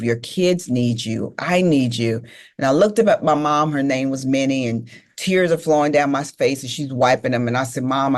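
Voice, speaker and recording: With a bass voice that's a little mellow, a middle-aged woman gives a motivational talk about her life. She speaks emphatically, repeats key phrases, and talks straight to her listeners.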